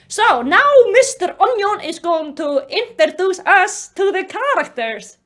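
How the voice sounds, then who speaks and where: Woman roasting a book, super high voice, sarcastic and exasperated. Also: measured pace. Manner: animated, mocking, exasperated outbursts. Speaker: book commentary vlogger. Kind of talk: sarcastic book review commentary.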